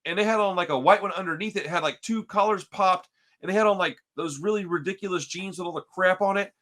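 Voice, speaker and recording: A man's voice: high voice, fast. A man hosting a podcast, telling a story in casual, profane chat and calling everyone "dude". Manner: animated, profane, says "dude" constantly. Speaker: podcast host.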